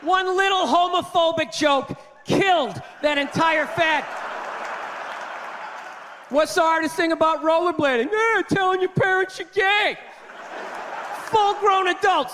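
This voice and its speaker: A man doing a stand-up comedy set, ranting loudly and swearing. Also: very high voice, unhurried, long pauses, a faint crowd. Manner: loud ranting delivery, swearing. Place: stage in a large venue. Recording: reverberant hall with live audience. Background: audience laughter and faint hiss.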